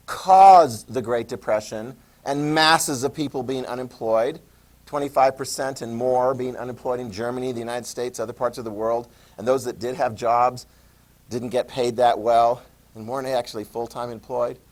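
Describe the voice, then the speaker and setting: A man teaching a high school history lesson in a casual lecture style, full of sarcastic asides and telling students to write things down. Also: moderate pace.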